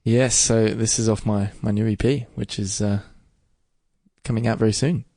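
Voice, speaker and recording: A man's voice: fairly low pitch, fairly even intonation, moderate pace, dark tone, no echo. Easygoing man guesting on a podcast, very dry sound. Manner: easygoing, laughs along. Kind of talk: casual interview chat.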